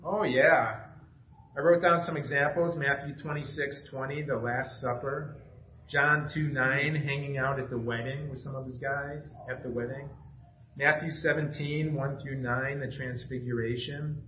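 A man's voice: medium pitch, steady tone, unhurried, slight background noise. A middle-aged man preaching a casual, enthusiastic sermon, telling family stories with laughter. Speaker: pastor. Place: church sanctuary. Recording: echoey dull church recording.

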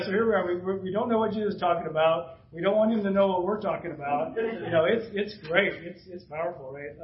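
A man in his fifties, a pastor preaching a conversational sermon, chuckling and acting out bits of dialogue. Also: sits high. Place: church sanctuary. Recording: roomy, distant, dull church recording.

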